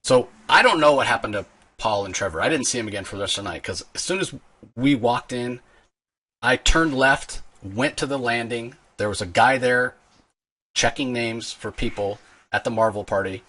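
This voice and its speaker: A man's voice: mid-range voice, moderate pace, slightly rough. A man hosting a podcast, telling a long, rambling story in casual chat. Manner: rambling, animated storyteller with restarts. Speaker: podcast host.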